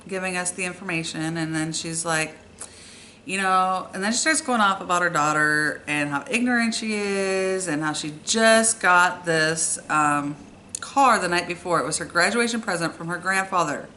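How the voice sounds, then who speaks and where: A woman's voice: lowish voice, moderate pace, sharp tone, slight background noise. A middle-aged woman telling a personal story in a chatty way, with many fillers. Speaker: vlogger. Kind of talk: storytime vlog.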